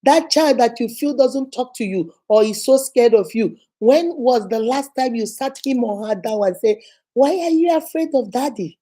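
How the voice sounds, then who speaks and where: A woman's voice: fairly high pitch, moderate pace, few pauses, warm tone. A woman hosting an inspirational channel, giving an emphatic, repetitive, preacher-like motivational talk and acting out quoted speech.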